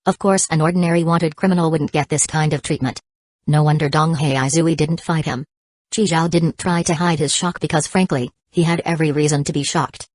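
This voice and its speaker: A woman reads a translated web novel aloud as an audiobook narrator. Her voice sits very low for a woman, and the sound is dry, with no room around it. She keeps a steady, even delivery through both narration and dialogue. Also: normal speed, no echo. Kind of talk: scripted narration.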